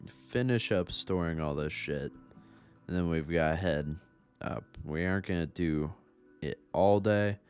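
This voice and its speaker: A young-adult gaming YouTuber, a bit out of breath, rambles casually through gameplay commentary from home. His low voice is darkish, clear, and resonant, and his talk is profane and self-mocking.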